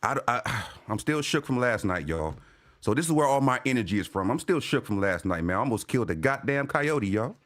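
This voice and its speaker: Casual fan-stream host, male, mid-pitched voice, swings high and low with excitement, heavy slang and cursing. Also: brisk. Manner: animated, profane street slang, shouts out viewers. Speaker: sports fan show host. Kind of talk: casual livestream commentary.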